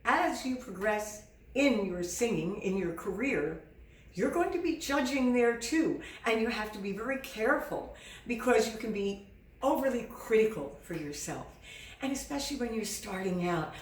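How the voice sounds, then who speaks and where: A woman's voice: a little high, animated, normal speed, reverberant, recorded from a distance. A middle-aged woman singing teacher giving earnest, encouraging advice to beginners and acting out their self-doubt. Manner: earnest, encouraging, acts out students' inner doubts. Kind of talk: direct-to-camera teaching.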